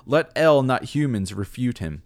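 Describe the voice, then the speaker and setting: A man voicing an arrogant young male blowhard who declaims loudly and pompously. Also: mid-range voice, lively intonation, measured pace, no room sound, pitched above the performer's own voice.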